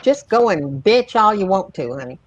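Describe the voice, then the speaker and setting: A woman's voice: medium pitch, big pitch swings, normal speed, no room sound, muffled recording. Sassy lady on a group stream, calls everyone honey, laughs a lot. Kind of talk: casual group chat on a livestream.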